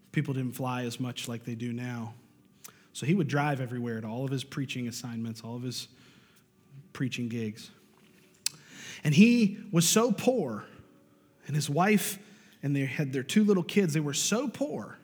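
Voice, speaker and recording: A male pastor preaching a storytelling sermon, swinging from loud bursts to hushed, low lines. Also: breathy edge, long reverb tail.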